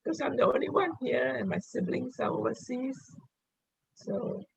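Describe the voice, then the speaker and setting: Singaporean woman, high husky gravelly voice, earnest, muffled call. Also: normal speed. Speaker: course participant and carer for her mother. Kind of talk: casual video-call chat. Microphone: video call. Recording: muffled video-call audio.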